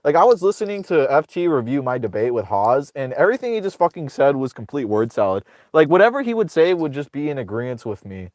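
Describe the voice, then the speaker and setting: A man's voice: medium pitch, very animated, quick pace, few pauses, a little mellow, dry recording. A man hosting casual political commentary, ranting sarcastically with profanity, rambling and restarting his sentences.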